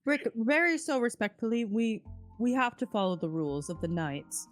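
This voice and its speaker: Woman, tabletop player, polite, earnest, slightly high lively voice, faint background music. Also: normal speed. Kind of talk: playing a tabletop game in character.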